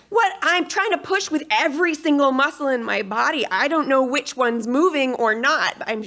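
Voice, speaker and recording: A woman giving a paper at an academic conference, moving between scholarly commentary and frank, expressive personal storytelling. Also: sits high, brisk, few pauses.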